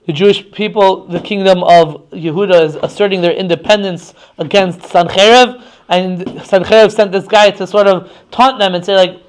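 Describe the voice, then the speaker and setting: A man's voice: high-pitched, fairly even intonation, moderate pace, clear, resonant tone. A man teaching a religious text class in a conversational way, often restarting and checking in with his listeners.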